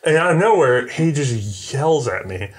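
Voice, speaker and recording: A man's voice: medium pitch, unhurried, breathy edge. A man hosting a firearms history show, chatting casually and acting out voices in his anecdotes. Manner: animated storyteller, acts out voices in anecdotes. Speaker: show host.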